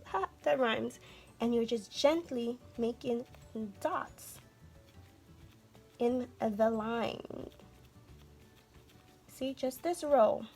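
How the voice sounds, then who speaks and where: A woman teaching a children's art lesson, speaking gently and encouraging viewers to take their time. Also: a little high. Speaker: art instructor.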